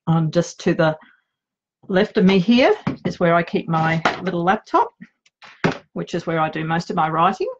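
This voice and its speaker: A woman's voice: lowish voice, big pitch swings, normal speed, muffled recording, noisy background. A middle-aged woman with an Australian accent, an author chatting casually and nervously in her home office, joking about herself. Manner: chatty, nervous and self-deprecating. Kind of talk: casual live video chat.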